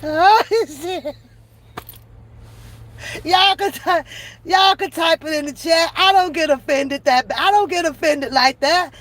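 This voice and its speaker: A woman's voice: extremely high pitch, slow pace, pauses often, a bit bright, slight background noise. A woman streamer giving casual reaction commentary in a profane, laughing, rambling rant.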